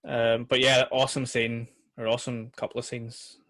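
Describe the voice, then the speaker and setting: Northern Irish male podcast co-host, bright edge, sweary and excitable. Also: mid-range voice, moderate pace. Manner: swears a lot, enthusiastic. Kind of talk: casual chat.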